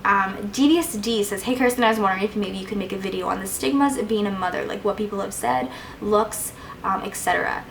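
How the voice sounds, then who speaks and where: A woman's voice: mid-range voice, fast, creaky, slight background noise, low-quality recording. A young woman answering viewer questions in a casual vlog, chatty and gushing, with plenty of "like"s and fillers. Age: young adult. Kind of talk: casual Q&A chat.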